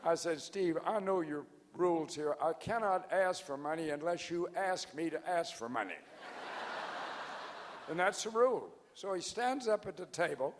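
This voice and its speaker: A man's voice: a little high, lively intonation, moderate pace. A man of ninety, hard of hearing, giving a folksy, joking anniversary speech that wanders as he loses his place. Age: 90s. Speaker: founder giving anniversary address. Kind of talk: rambling anecdotal speech to a crowd. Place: large event hall. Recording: large hall with faint crowd and noise.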